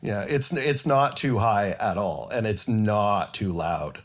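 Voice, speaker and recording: Relaxed male podcast co-host. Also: lowish voice, slow pace. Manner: teasing, supportive, relaxed. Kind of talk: casual podcast chat.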